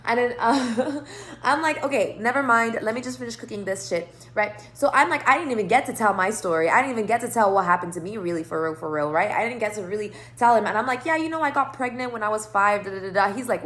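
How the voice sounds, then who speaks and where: Woman vlogger with a slightly high voice telling a rambling, profanity-heavy story to camera, acting out both sides of the conversation. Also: fast talker. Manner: rambling, profane, animated retelling. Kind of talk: casual storytime monologue.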